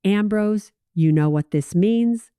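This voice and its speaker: A woman's voice: mid-range voice, slow pace, dark tone, clear, resonant tone, dry recording, studio quality, natural voice. Woman doing a frank, blunt female friend.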